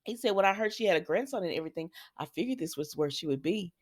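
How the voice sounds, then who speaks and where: A woman's voice: on the low side, expressive, fast talker. Brief: woman, casual soap recap vlogger, opinionated, chatty, lots of ums and you-knows. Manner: chatty, opinionated, frequent fillers like um and you know. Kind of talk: casual episode recap with commentary.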